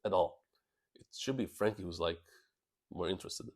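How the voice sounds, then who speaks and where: A man with a somewhat low voice reacts live to a new comic chapter. He is excitable and laughs easily, often stumbling and restarting words mid-thought. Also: moderate pace. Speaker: channel host reacting to a manga chapter. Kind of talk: live reaction, reading aloud and commenting.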